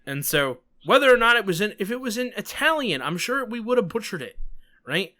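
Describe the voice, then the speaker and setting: Fairly quick and animated, a New York man hosting a podcast talks casually in a high, bright voice with plenty of up-and-down movement. He's emphatic and drops in sarcastic asides.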